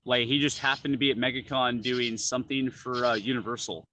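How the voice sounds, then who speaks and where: A man chatting casually, telling animated stories full of "like" and "dude". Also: medium pitch, brisk, a little hiss or hum, poor audio. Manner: animated storyteller, lots of "like" and "dude". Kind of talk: casual chat.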